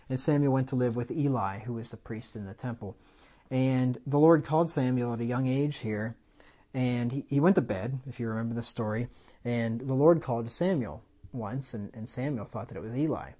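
A man's voice: medium pitch, brisk, highs cut off. A man preaching a sermon in a conversational way, paraphrasing scripture in everyday speech and raising his voice for dramatic lines. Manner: conversational, loud swells when quoting scripture. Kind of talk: expository sermon.

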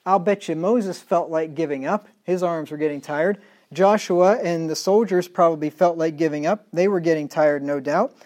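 Emphatic preaching pastor, man. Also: on the high side. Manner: emphatic preaching, reads scripture in slow measured tones, drops to quiet asides. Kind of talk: sermon.

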